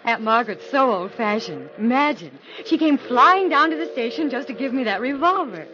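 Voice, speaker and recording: A woman's voice: fairly high pitch, very animated, normal speed, background noise. A breathless, chatty young woman. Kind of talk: 1940s radio acting. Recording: dull lo-fi old radio recording.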